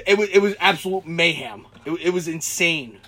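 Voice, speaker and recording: A young man tells a wild story in a loose, profane chat, his husky voice riding up high and swinging hard in pitch. He jumps into loud shouts whenever he acts out what someone said. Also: brisk. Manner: animated, swears a lot, shouts when acting out quotes.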